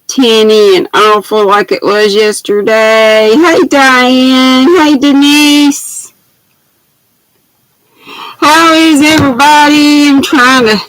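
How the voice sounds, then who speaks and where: An older woman chats through a home livestream, calling out her viewers by name with sweethearts and honeys. She talks at an unhurried, drawn-out pace, and her laptop mic sounds dry and close with no room around it. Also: mid-range voice, a bit bright, no echo, rough recording. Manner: chatty, greets viewers by name with pet names, laughs often. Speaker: craft livestream host. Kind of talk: casual livestream chat. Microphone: laptop built-in mic.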